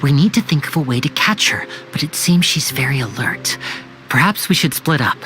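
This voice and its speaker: A suave young stage magician. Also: male voice, medium pitch, animated, moderate pace. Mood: hushed. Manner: suave, teasing, hushed when plotting. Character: smooth confident young male stage magician. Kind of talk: game voice acting. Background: game music.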